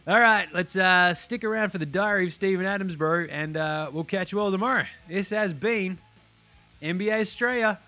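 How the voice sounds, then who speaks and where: A man's voice: high-pitched, normal speed, pushed and bright, soft background music. A man hosting a daily podcast, wrapping up the episode in a loose, casual way, swearing freely and rattling off plugs. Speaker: podcast host. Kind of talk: casual show sign-off.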